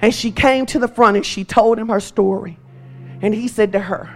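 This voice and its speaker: A woman pastor preaching a sermon in a church, impassioned and repetitive, rising to shouts. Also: medium pitch, moderate pace, soft background music.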